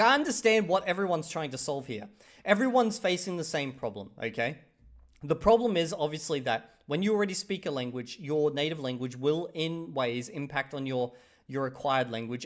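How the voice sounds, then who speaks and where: A young man talks loosely through a live stream, reading viewer comments aloud and answering them on the spot. His voice sits a little high for a man, and he stays animated, laughing often and swearing casually. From Australia.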